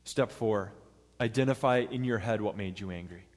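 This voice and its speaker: A man's voice: fairly low pitch, normal speed. Man preaching in a reverberant hall. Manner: earnest, step-by-step teaching with acted-out quotes. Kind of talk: sermon.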